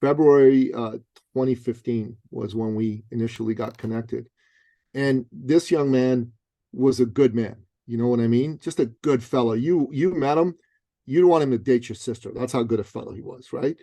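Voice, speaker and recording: A middle-aged man, an author and business coach, telling a punchy, animated story as a guest in an interview. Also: mid-range voice, moderate pace, dry recording. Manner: lively, punchy, acts out other people's voices.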